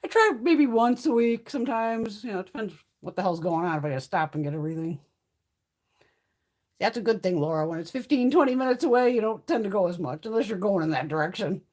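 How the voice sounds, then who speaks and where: A middle-aged woman chats through a makeup livestream in a loose, blunt way, dropping curse words and calling out viewers by name. Her pitch rises and falls a great deal as she talks. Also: expressive, brisk, a little mellow. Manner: chatty, blunt, swears freely; answers viewers' comments by name. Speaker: beauty livestream host. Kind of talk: casual livestream chat.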